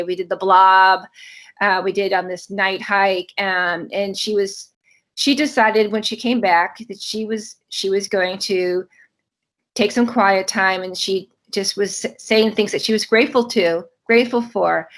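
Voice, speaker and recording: Middle-aged woman telling a story on a podcast, lively, puts on little voices for people. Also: medium pitch. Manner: animated, acts out quoted voices. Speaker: guest, camp co-founder. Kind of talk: storytelling in an interview.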